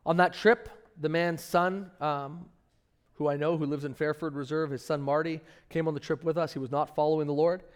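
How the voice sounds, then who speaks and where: A middle-aged man preaching a sermon as pastor, telling stories in a conversational way with lively rises in pitch and loudness. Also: moderate pace, clear, resonant tone. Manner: conversational storytelling, animated rises in pitch and volume.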